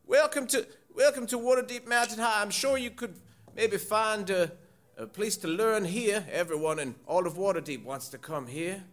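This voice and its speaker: Basil, a man doing a squeaky grumbling groundskeeper. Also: normal speed, close to an everyday voice. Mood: cheerful. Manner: raised squeaky put-on voice, sardonic. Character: gruff male groundskeeper, sarcastic and grumbling.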